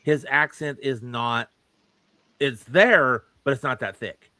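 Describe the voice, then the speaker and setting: A man's voice: medium pitch, slow, pushed and bright, no echo. A man co-hosting a wrestling podcast, giving plain-spoken, opinionated takes in casual chat. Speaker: podcast co-host.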